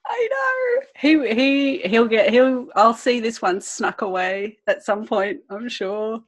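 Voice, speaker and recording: An Australian woman in her thirties hosts a relaxed chat over a video call, chatty and quick to laugh. Her voice sits fairly high and swings widely as she tells family stories. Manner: chatty, laughs often, animated storytelling. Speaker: podcast host. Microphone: desk microphone on a video call.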